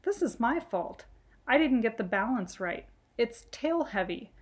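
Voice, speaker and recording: A proud but kind young boy bear cub from a children's storybook, speaking brightly, as a woman reading aloud puts him on. He sounds upbeat and encouraging. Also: fairly high pitch, big pitch swings, measured pace. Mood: reassuring.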